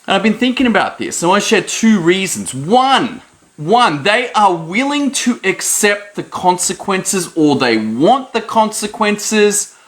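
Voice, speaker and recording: A man giving a lively motivational talk to camera, leaping up in pitch to stress his points. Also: measured pace. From Australia. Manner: animated, jumps high in pitch for emphasis. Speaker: host.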